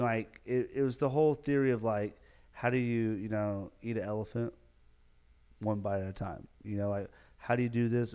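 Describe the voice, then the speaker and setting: A man hosting a casual solo podcast, animated and rambling, filling his talk with "like". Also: on the low side. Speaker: podcast host.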